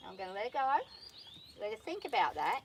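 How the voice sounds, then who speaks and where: A woman handling a horse on a farm who talks calmly and patiently, coaxing the animal softly and explaining each step to viewers. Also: mid-range voice, brisk, slight background noise. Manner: calm and patient, coaxing the horse in a soft praising voice; explains steps plainly to viewers while working. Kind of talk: hands-on training commentary. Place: outdoors on a farm.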